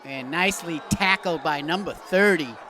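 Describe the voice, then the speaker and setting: A man calling a local high school football game as play-by-play announcer from the press booth. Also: moderate pace, slight background noise. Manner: excited shouting on big plays. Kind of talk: local sports commentary. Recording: loud crowd and music behind.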